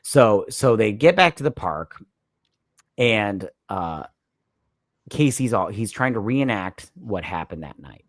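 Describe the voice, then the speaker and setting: A man's voice: lowish voice, sing-song, takes it slowly, dry recording, studio quality. A tipsy man co-hosting a podcast, retelling a film's plot in a rambling way and acting out lines with "he's like". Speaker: podcast co-host. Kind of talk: casual movie recap.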